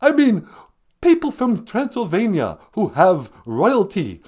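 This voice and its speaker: A man voicing a theatrical old male vampire count with a booming, drawn-out manner and a cackling "ah, ah" laugh. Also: huge pitch swings, a little mellow, exaggerated voice. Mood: indignant.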